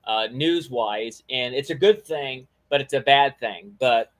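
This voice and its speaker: A man's voice: medium pitch, measured pace. A man hosting a casual talk show, chatting loosely with plenty of fillers and restarts. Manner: rambling, friendly, many fillers and restarts. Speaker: podcast host. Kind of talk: casual chat.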